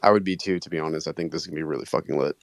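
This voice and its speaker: A man chatting on a live audio call, excitable and slangy, swearing casually. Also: a bass voice, very fast, gravelly, no room sound. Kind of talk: casual chat.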